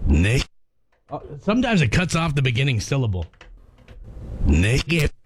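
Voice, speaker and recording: A man's voice: mid-range voice, wildly swooping pitch, unhurried, slight background noise. A young man co-hosting a word game in casual banter, laid-back and teasing, often giggling. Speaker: co-host playing a reverse-audio word game.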